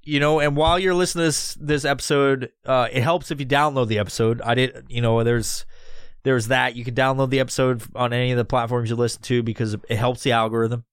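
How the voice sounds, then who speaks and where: A man hosting a solo history podcast talks fast in a medium-pitched voice that barely moves in pitch. He rambles, jokes loosely and swears constantly. Recorded alone, the sound is clean studio audio with a clean tone and no room echo.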